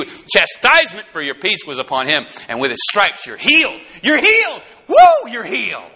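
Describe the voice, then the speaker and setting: Male preacher, high bright voice, folksy and fervent, repeats himself, surges to shouts. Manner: fervent, swells into shouts on key points; folksy, repeats and restarts words. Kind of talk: sermon.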